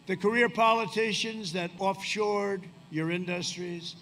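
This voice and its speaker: A man in his seventies gives a boastful, rambling campaign speech at a windy outdoor rally, tossing in sarcastic asides. His voice sits high with a steady tone, and he speaks unhurriedly with a fairly bright quality.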